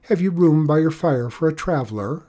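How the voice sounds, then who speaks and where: A storyteller raises the pitch to play a kindly old woman traveller in a storybook tale. She talks softly and calmly in a higher, slightly husky voice. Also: moderate pace, lightly acted. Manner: soft-spoken, kindly. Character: gentle old female wandering traveller.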